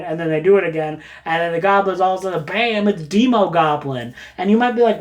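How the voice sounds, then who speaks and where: A man's voice: high voice, quick pace, hardly any pauses. Rambling, jokey man reviewing books. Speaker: book reviewer. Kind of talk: casual book recommendation talk.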